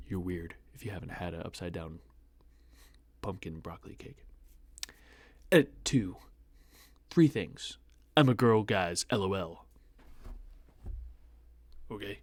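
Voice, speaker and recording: In a dry recording, a low-pitched young man from the United States reads out an online post, interrupting himself with snarky, mocking remarks as the host of a casual commentary.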